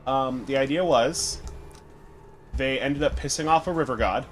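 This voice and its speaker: A man's voice: medium pitch, normal speed, soft background music. Rambling man on a gaming stream. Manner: rambling, storytelling with fillers. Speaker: stream host playing the game. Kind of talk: casual gaming stream chat.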